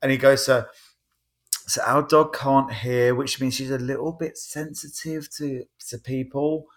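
A man's voice: mid-range voice, unhurried. A man in casual podcast chat, telling a rambling anecdote and acting out the quotes. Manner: rambling storyteller, animated retelling with quoted voices. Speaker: podcast panelist.

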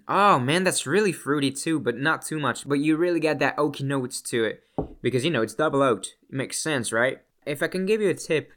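A man's voice: mid-range voice, a bit bright. A man talking casually as a whiskey vlogger, rambling and restarting his sentences and swearing now and then. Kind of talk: casual chat.

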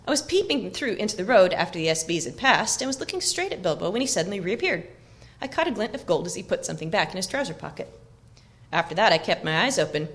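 A woman's voice: medium pitch, a bit bright. Woman reading as a self-assured young hobbit. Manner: brisk, confiding storytelling tone. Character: clever, loyal young male hobbit, self-assured and talkative. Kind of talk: audiobook reading aloud.

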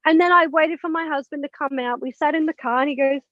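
Speaking fast in a high voice with no echo, an author and mentor recounts her story in a relaxed interview. She performs the quoted dialogue with lively energy and uses some mild, blunt profanity, all captured in dull, dry, low-fidelity sound.

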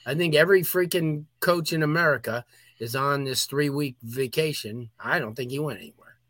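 A man's voice: fairly high pitch, moderate pace, fairly bright tone, dry recording. A man co-hosting a sports podcast, talking emphatically in casual chat. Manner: emphatic, talks through sneezes and throat clearing. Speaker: podcast co-host.

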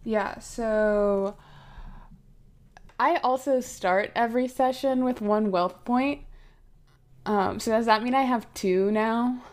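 A woman's voice: a little high, slow, long pauses. An American woman playing a tabletop game, casual and offhand, with a jokey manner. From United States. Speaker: player.

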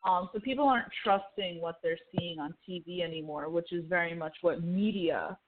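A woman's voice: on the low side, normal speed, noisy background. A woman in casual chat, animatedly retelling TV scenes and acting out the characters' lines. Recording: phone-like thin audio.

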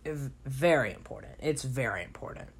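A man's voice: medium pitch, expressive, fairly quick, creaky, husky. A young man hosting a casual solo advice podcast late at night, sleepy, emphatic and repeating words for stress. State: sleepy, recording at 3 a.m. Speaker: podcast host. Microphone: home podcast mic.

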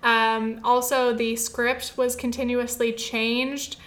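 A chatty young woman talks through her week of films in a loose, rambling way, full of fillers and restarts. Her voice sits a little high and sounds bright and forward. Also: level tone, takes it slowly. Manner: chatty, rambling, many fillers and self-corrections. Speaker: film review podcaster. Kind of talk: casual film review chat.

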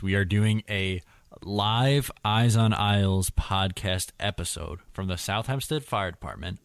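A man co-hosting a podcast in casual chat, teasing his co-host and quick to laugh. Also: low voice, dry recording.

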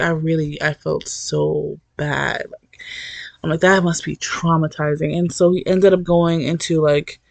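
Gravelly rambling book recapper. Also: mid-range voice, no room sound. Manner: rambling, profane, candid, many fillers. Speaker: book reviewer. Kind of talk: casual book recap vlog.

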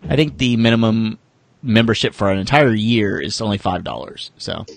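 A man's voice: on the low side, normal speed, vocal fry, no room sound. A man co-hosting a casual sports podcast, laughing often and telling crude jokes. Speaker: podcast co-host.

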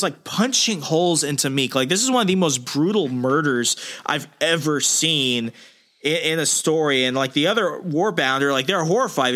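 Man, podcast host, casual comic recap, animated, slightly high pitch, bright timbre. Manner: animated storyteller who acts out quotes.

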